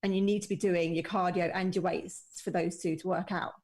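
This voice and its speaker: A woman's voice: on the low side, level tone, brisk, a little mellow. A woman chatting casually from home, explaining things keenly and with enthusiasm. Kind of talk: casual chat. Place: home, remote call.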